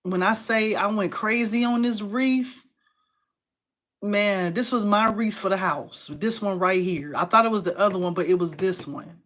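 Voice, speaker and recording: A woman chats on a crafting live stream from her home workspace. She talks informally and with a lot of excitement, answering viewers aloud as she shows her work. Her voice sits at an ordinary middle pitch and reaches a desk microphone close by. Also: moderate pace. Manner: uses y'all and informal phrasing. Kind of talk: casual live stream chat.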